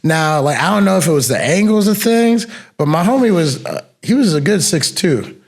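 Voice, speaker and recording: A man's voice: on the high side, animated, moderate pace. A young man co-hosting a podcast, telling laid-back, slangy stories from his security work. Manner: laid-back, slangy storytelling with bursts of laughter. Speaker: podcast co-host, former bouncer. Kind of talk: casual storytelling chat.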